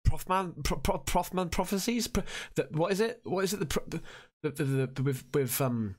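High-voiced english guy, swears a lot, loud excitable reactions to clips. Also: normal speed. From England. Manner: excitable and sweary, loud outbursts, British slang. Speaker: YouTube reaction host. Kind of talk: casual reaction commentary.

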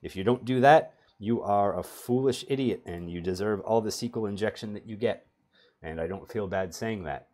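Dry-joking man with a low voice. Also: a little fast, darkish tone. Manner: sardonic, self-mocking humor. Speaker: database performance trainer. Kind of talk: screen-share tech tutorial.

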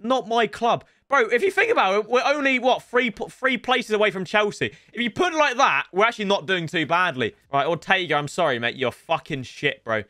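A young man commentating his own football video game to viewers, sweary and excitable. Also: high-pitched, a little fast, few pauses, no room sound, studio quality. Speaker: gaming streamer. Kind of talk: live gameplay commentary.

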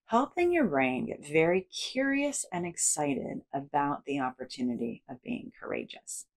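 A woman with a low-pitched voice teaches a guided psychoeducation lesson. Her intonation swoops widely as she acts out the voice of the brain in big, almost cartoonish tones. She speaks as a psychologist guiding the listener through exercises. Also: normal speed, gravelly, hardly any pauses. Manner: animated, acts out inner voices with big playful inflections. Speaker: psychologist and educator.

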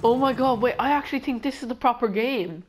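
A woman giving chatty, excitable commentary while playing a video game with friends. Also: on the high side. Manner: excitable, chatty, quick to shriek. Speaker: gamer making a video with friends. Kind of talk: casual gameplay commentary. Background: game music.

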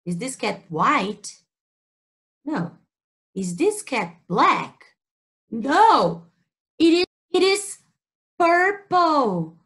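A woman with a high, fairly bright voice speaks in a sing-song way. She's an English teacher with a Brazilian Portuguese accent running a children's story time, asking simple questions about animals and colors in a slow, exaggerated sing-song style for kids.

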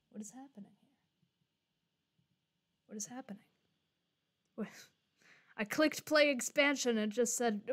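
A young woman plays through a game on a live stream, talking to her viewers as she goes. Her voice sits a little high, and she speaks slowly. She swears freely and jokes with her chat. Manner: swearing, chatty, joking to chat.

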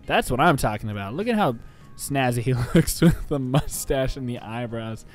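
A man's voice: medium pitch, normal speed. A man giving casual, rambling, jokey let's play commentary, often talking back to the game. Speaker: gameplay commentator. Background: game music.

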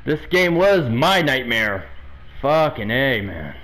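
A man's voice: mid-range voice, sing-song, slow pace, a bit bright, low-quality recording. A man hosting his own gaming videos, swearing and venting his frustration as he plays. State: irritated. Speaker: gaming channel host. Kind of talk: angry live gameplay commentary.

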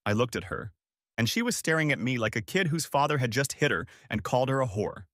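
A man narrating a first-person story as scripted audiobook narration, in an expressive storytelling manner. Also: mid-range voice, quick pace, no echo, clean studio sound.

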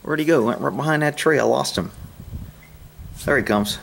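A man filming his horses outdoors, joking and talking in high baby talk to them. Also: normal speed, vocal fry, a bit bright, a little hiss or hum. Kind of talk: casual vlog commentary. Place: outdoors at a pasture.

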